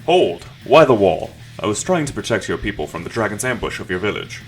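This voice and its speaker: A man putting on a shouting knight with a put-on accent. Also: fairly low pitch, very animated, brisk, faint music behind. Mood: indignant. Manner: shouting, commanding.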